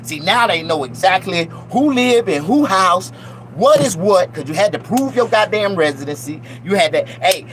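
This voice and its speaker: A middle-aged Southern-accented vlogger from Mississippi rambles casually to his audience, profane and animated, breaking into mock sermons now and then. He speaks at a normal speed in a high-pitched voice, captured on a low-quality recording.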